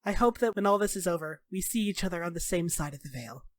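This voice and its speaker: A woman voicing a calm, measured elder elven man who speaks softly and formally. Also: lowish voice, dry recording, pitched below the performer's own voice, natural voice. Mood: sad. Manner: soft, composed, formal.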